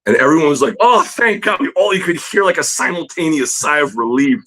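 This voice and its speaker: A man, a guest on a livestream, telling a story in an animated, casual way, often laughing and acting out scenes. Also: fairly high pitch, quick pace, low-quality recording.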